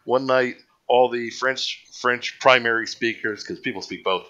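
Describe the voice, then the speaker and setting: A man hosts a live online chat show, rambling and cracking jokes at his own expense. His voice is bright and forceful. The audio is a bit dull and lo-fi, like a home livestream. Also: mid-range voice, measured pace. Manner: rambling, jokey, self-mocking. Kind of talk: casual chat.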